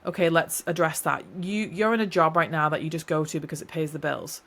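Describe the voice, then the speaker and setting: A woman with a slightly low voice talks through her thoughts on a solo podcast. She rambles warmly and encourages the listener, restarting sentences as she goes. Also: steady tone, fairly quick. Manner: rambling, encouraging, self-correcting. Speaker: podcast host. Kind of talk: reflective solo podcast talk.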